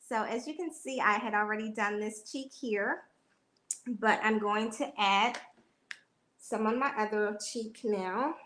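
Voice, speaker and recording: A woman's voice: mid-range voice, unhurried, a bit bright. A woman beauty consultant giving a friendly product demonstration over a video call.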